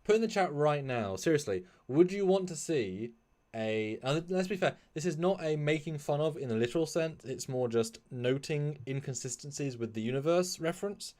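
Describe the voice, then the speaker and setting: A man's voice: fairly high pitch, normal speed. A man chatting casually as a guest on a live stream about his fan films, rambling with frequent laughs and restarts. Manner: rambling, animated, laughs often.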